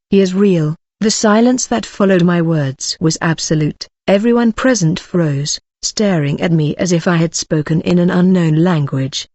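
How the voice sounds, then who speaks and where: A woman's voice: lowish voice, mellow, dry recording. A woman telling a first-person story in earnest, dramatic scripted narration.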